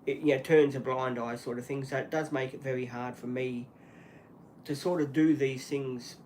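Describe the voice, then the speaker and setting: A man hosting a solo livestream, talking earnestly and apologetically in halting speech with many restarts and fillers. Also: medium pitch, steady tone, a little mellow, a little hiss or hum. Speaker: channel host.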